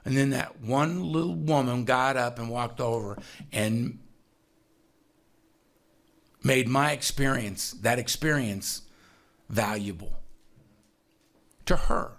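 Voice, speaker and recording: A man speaking in a relaxed, conversational way, telling a personal recovery story and acting out the people in it. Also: medium pitch, slow, long pauses. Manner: animated storyteller, acts out voices, laughs often.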